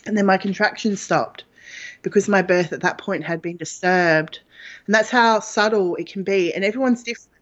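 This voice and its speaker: Over dull lo-fi audio, a woman being interviewed recounts a personal story at normal speed in a medium-pitched voice. She's frank and chatty, with lots of filler words.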